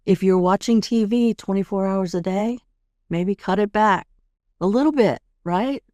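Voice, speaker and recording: A middle-aged woman hosting a podcast, calmly guiding listeners step by step through a tapping routine and often checking in with "right?". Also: medium pitch, measured pace, dry recording, studio quality. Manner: calm, guiding, demonstrates steps. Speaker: podcast host and tapping coach. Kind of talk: instructional podcast talk.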